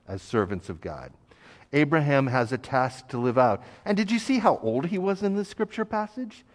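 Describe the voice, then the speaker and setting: A man preaching a sermon as pastor, telling a personal story in a relaxed, conversational way with frequent fillers and light self-deprecating humor. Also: mid-range voice. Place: church sanctuary. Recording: long church reverb.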